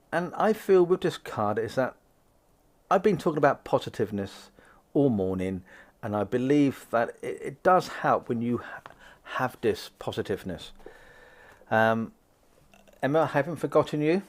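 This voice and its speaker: A man doing a live tarot card reading, chatting upbeat with viewers and acting out little conversations. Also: mid-range voice. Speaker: psychic card reader.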